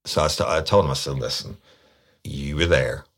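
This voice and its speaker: A man's voice: very deep voice, steady tone, moderate pace, a bit bright. A middle-aged man, a detective bluntly recounting an interrogation. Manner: blunt, profane storytelling.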